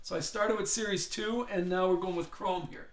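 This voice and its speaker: A man's voice: high voice, steady tone, normal speed. An older man hosting a live card break, chatting in a rambling way as he reads out player names. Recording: echoey room.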